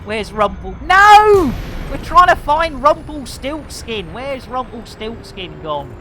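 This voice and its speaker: A woman streaming a space game, chatting excitedly to her guests, often laughing and exclaiming at her own mistakes. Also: a little high, unhurried, slight background noise. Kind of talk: live gameplay commentary.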